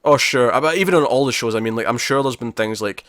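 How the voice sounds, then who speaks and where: A man's voice: mid-range voice, fast talker, fairly bright tone, dry recording. Rambling man on a podcast, dry sound. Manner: rambling, lots of likes and laughs. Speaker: podcast co-host. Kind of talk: casual chat.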